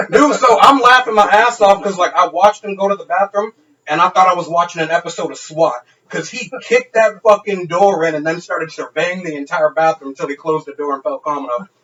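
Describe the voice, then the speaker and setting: Animated, profane storytelling man. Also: high voice, fairly quick, far from the mic, lo-fi sound. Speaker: podcast co-host. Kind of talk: casual storytelling chat.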